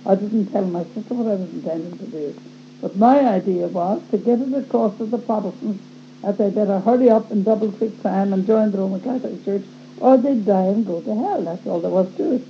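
A woman's voice: medium pitch, a little fast. A woman telling a personal story in a plain, wry way, recorded on a dull lo-fi tape with a faint hum. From Ireland. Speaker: speaker giving testimony.

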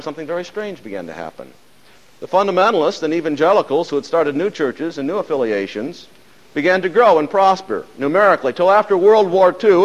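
Man lecturing in a reverberant hall. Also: a little high. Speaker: church history lecturer.

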